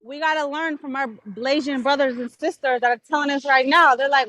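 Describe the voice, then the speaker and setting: A woman's voice: high voice, fairly even intonation, sharp tone, rough recording. A woman hosting a casual livestream discussion, talking emphatically and swearing freely. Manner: emphatic, profane, quick. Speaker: stream host.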